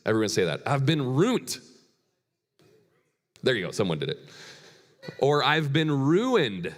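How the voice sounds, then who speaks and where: A man preaching a sermon as a guest pastor, earnest and animated, slowing down for emphatic quotes. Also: mid-range voice. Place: church sanctuary. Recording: long hall reverb.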